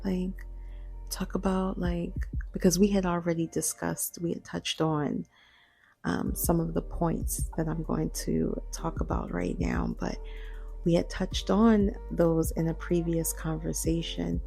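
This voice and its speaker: Female podcast host, 40s: hushed, reflective late-night talk, dark mellow tone, unhurried. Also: fairly low pitch, flat delivery, gravelly, soft background music. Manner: hushed, half-whispering, slow and reflective. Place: home at night.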